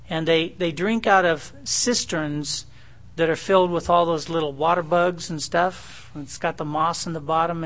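A man's voice: high-pitched, a bit bright. A man preaching a sermon in a conversational way, with fillers and asides. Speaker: pastor.

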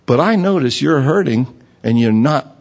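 A man preaching a sermon in a lively, conversational way, reading scripture and mimicking other people for effect. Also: mid-range voice, moderate pace, vocal fry. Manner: animated, mocking voices of others. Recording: dull reverberant hall.

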